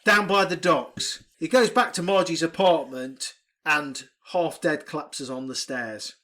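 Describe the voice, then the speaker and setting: Man, podcast co-host, lively and sweary, recapping a film, slightly high-pitched. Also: a little slow. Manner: animated, sweary, recaps plot with mock voices. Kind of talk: casual film review chat.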